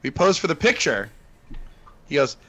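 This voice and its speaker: A man chats as a podcast co-host, his pitch rising and falling a lot as he tells stories. He rambles, stopping to restart his sentences and filling the gaps with ums and uhs. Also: sing-song, normal speed, a bit bright, slightly rough. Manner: rambling, many fillers and restarts. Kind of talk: casual chat.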